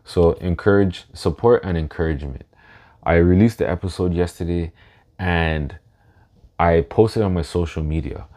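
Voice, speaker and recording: Very deep-voiced man, slow and reflective. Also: mellow. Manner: slow and reflective, pauses to gather thoughts; emotional, laughs through his words. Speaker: podcast host. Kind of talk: casual solo podcast talk.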